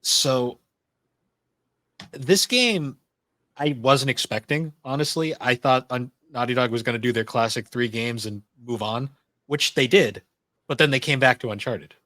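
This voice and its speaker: A man's voice: medium pitch, measured pace, no room sound. Man hosting a podcast, dry close sound. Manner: steady, reviewing games point by point. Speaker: podcast host. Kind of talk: casual podcast chat.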